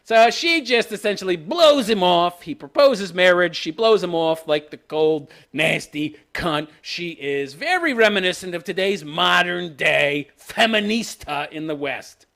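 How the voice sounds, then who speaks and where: Ranting male reviewer, gravelly, swooping pitch. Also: expressive, measured pace, fairly bright tone. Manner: sarcastic, ranting, laughing. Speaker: show reviewer.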